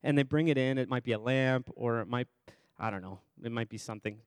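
A man's voice: medium pitch, fast talker, clear, resonant tone, no echo. A man preaching a sermon as pastor in a church service, chatty and conversational, quizzing the congregation by name and repeating phrases for emphasis.

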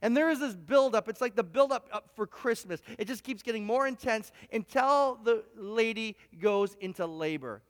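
A man's voice: sits high, animated, moderate pace, few pauses. A man preaching a sermon, telling a long illustrative story with frequent stammered restarts. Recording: reverberant hall sound.

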